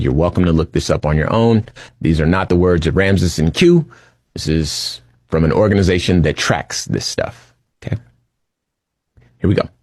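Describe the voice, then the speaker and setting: Deep-voiced man reading data aloud. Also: no room sound. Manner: relaxed, filler-laden, reads aloud. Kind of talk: casual commentary reading data.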